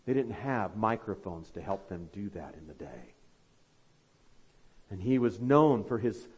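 A man preaching a sermon as pastor, fervently urging his listeners, then dropping to quiet, low asides. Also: animated, measured pace, breathy edge.

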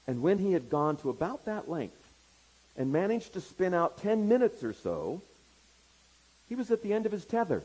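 A man's voice: high voice, sing-song, normal speed, darkish tone, breathy edge, low-quality recording. A pastor preaching a sermon, retelling a story to his congregation with wry asides.

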